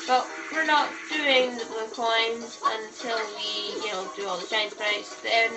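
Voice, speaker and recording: Woman chatting thru a game run, rambly tips, kinda high voice, game music going under it. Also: fairly even intonation, measured pace, poor audio. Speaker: let's play gamer. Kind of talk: casual gameplay commentary. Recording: game music playing behind the voice. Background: video game music.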